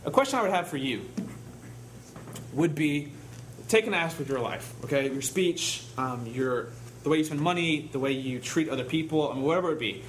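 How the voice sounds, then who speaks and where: A man's voice: on the high side, lively intonation, brisk, slight background noise. A man preaching a sermon in a conversational way, telling stories and asking rhetorical questions.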